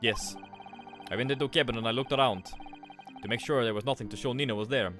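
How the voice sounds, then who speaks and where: A man's voice: mid-range voice, fast, close to an everyday voice. A man voicing a Russian ship's sailor who speaks in clipped, article-free sentences. Game music plays behind his earnest reading. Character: gruff Russian sailor on night duty. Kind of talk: reading game dialogue aloud.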